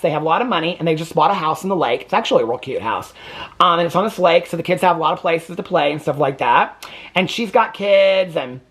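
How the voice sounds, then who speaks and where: A man's voice: high voice, fairly bright tone. A man hosting a reality TV reaction channel, recapping episodes in a sassy, gossipy, chatty way and often asking viewers "okay?". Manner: addresses viewers with repeated "okay?". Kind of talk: casual reaction commentary. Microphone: camera on a tripod.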